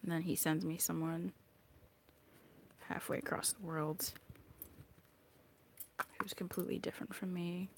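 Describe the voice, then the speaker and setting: A woman's voice: lowish voice, little pitch movement, unhurried, pauses often, slight background noise. A woman giving a chatty live tarot reading, bubbly and talkative, sometimes dropping into whispered asides. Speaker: tarot reader.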